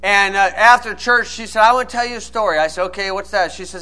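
A man's voice: high-pitched, quick pace, pushed and bright. A man preaching a sermon, reading old-style scripture and then explaining it plainly and with emphasis.

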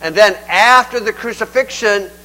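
Older male preacher, high and crisp voice, homespun conversational delivery. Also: moderate pace, sharp tone, poor audio. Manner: folksy, conversational, acts out scripture quotes. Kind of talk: sermon.

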